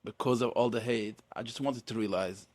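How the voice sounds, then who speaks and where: Podcast guest: earnest man, halting restarts, dry close mic. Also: fairly low pitch, fairly even intonation, darkish tone, no room sound. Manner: earnest, repeats words and restarts often. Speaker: podcast guest, real estate agent. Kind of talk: casual conversation.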